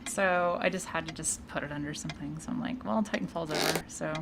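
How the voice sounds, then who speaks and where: Bored deadpan woman streamer. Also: low voice, fairly quick, heavy background noise. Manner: bored, deadpan, muttering asides. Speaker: streamer playing a game. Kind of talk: sarcastic let's-play commentary. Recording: game music behind the voice.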